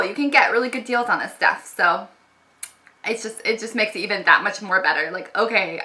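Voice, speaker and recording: A woman's voice: mid-range voice, pushed and bright. A woman beauty vlogger giving a casual, upbeat makeup tutorial, chatty and full of fillers.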